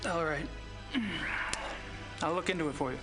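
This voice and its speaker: A man's voice: on the high side, normal speed, close to an everyday voice. A wry young investigator with a mild Southern US accent, played by a man in an adventure game. His delivery is dry and easy-going, with game music behind. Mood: calm.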